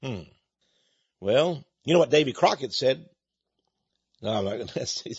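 A man's voice: mid-range voice, expressive, normal speed, long pauses, breathy edge, dry recording. A man, talking to his listeners in a folksy, meandering monologue. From Texas. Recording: dull, lo-fi dry recording.

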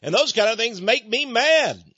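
A man hosting a radio talk show, giving indignant opinionated commentary that swings between hushed asides and loud outbursts. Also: very high voice, animated, moderate pace, breathy edge, dry recording, dull audio.

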